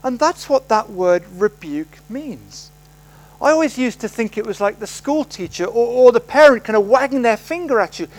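A man's voice: very high voice, animated, moderate pace, poor audio. A man preaching a sermon in a conversational storytelling manner, acting out the voices he quotes. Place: church service.

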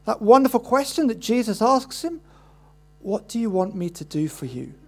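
Male preacher, animated sermon delivery, voices the story's people. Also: moderate pace. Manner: animated, acts out quoted voices with rising pitch.

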